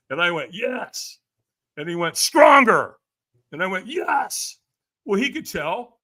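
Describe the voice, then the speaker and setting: A middle-aged podcast guest tells a personal tale fairly quickly, his voice high and forceful. Other people's lines come out as acted voices with wide pitch leaps, keeping every line lively.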